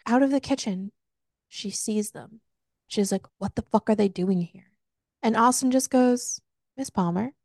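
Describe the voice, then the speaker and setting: A woman's voice: on the high side, a little slow, creaky, no echo, clean studio sound. A woman co-hosting a podcast, casually retelling a book's plot with lots of swearing and laughter. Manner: animated retelling with profanity and laughs. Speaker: podcast co-host. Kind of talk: casual book recap chat.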